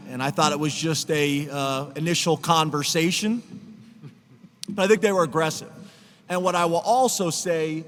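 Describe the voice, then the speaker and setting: A man's voice: fairly high pitch, fairly bright tone. A man speaking as a head football coach at a press conference, talking in an earnest and emotional way. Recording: reverberant hall sound.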